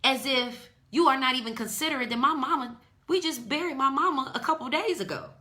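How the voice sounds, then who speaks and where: Bright-voiced, fired-up woman podcaster. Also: high voice, a little fast. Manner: indignant, preachy, emphatic. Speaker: podcast host. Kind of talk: impassioned podcast monologue.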